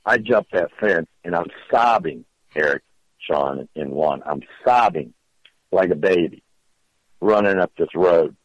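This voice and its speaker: A man's voice: low-pitched, measured pace, no echo, lo-fi sound. A middle-aged man casually telling a long story, often repeating and restarting his words. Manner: rambling, repeats words, animated retelling. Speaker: storyteller guest.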